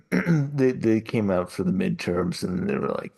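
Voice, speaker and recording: Gravelly, husky man joking on a podcast. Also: deep voice, animated, unhurried, darkish tone. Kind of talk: casual comic banter.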